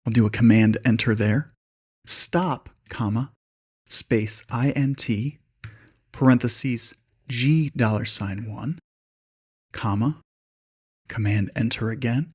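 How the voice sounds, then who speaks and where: A man hosting a spreadsheet tutorial, calmly dictating a long formula step by step. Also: mid-range voice, slow, long pauses, breathy edge. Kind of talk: screen-recorded software tutorial.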